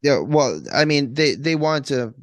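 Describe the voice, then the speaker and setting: A man co-hosting a podcast, presenting a case in casual chat, halting with fillers and restarts. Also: medium pitch, very animated, no echo.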